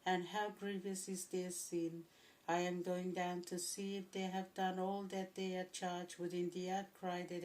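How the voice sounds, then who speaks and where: A woman reads scripture aloud at a steady pace, her voice a touch low and held to a narrow, level pitch. She pauses now and then to clear her throat. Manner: steady, even reading with occasional throat clearing. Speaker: scripture reader. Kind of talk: Bible reading.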